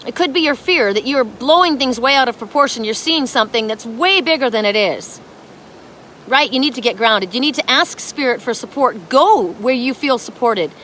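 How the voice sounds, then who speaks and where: A woman's voice: fairly high pitch, animated, normal speed, fairly bright tone, a little hiss or hum. A woman giving a spiritual oracle card reading in a dramatic, emphatic way, with casual swearing.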